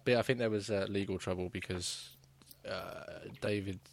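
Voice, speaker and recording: Low-pitched guy rambling about games, loads of ums, swears a bit. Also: fairly even intonation, normal speed. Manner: rambling, many fillers and restarts, swears. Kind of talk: casual gaming chat.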